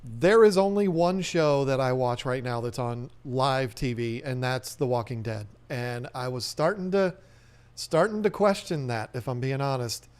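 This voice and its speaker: A man's voice: mid-range voice, unhurried, darkish tone, clear, resonant tone. A man hosting a live stream, chatting casually and joking as he reads viewer comments, rambling with restarts.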